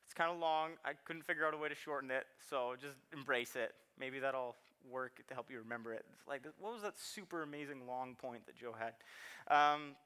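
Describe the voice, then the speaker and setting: A man's voice: a little high, pushed and bright, clear, resonant tone. A man in his thirties preaching a sermon in a chatty, self-deprecating way, laughing often and repeating words. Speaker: pastor.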